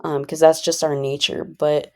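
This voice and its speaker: A woman's voice: deep voice, level tone, normal speed. A woman talking through her own experience in a casual, rambling monologue, full of "like" and "you know.". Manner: rambling, filler-heavy, conversational; calls herself a pretty chill person. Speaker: vlogger.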